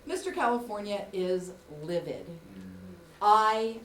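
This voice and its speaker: A woman tells a funny personal story on a theater stage, her voice swinging up and down with lively expression. She sounds a little off from the microphone, and the big room gives her an echo. Audience noise stays clearly audible behind her. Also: mid-range voice, takes it slowly, distant mic. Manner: wry, animated, self-mocking. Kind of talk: live comic personal storytelling. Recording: roomy live theater recording with audience noise.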